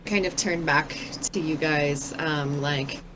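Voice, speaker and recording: A woman's voice: low-pitched, takes it slowly, fairly bright tone, a little hiss or hum, rough recording. A woman playing in a tabletop game, speaking in character politely and measuredly. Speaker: player. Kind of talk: in-character role-play.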